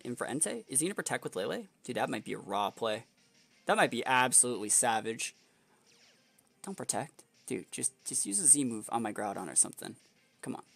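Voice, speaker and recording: Gravelly and fairly bright with a medium pitch, this young man's voice carries his gameplay commentary as he plays competitively and makes videos. He mutters analysis of his opponent's moves to himself, breaking at times into frustrated outbursts.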